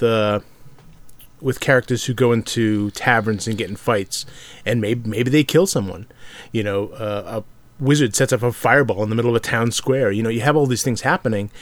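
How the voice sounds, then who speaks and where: A man talking casually about tabletop games as a podcast co-host, halting often with fillers and restarts. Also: medium pitch. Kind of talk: casual discussion.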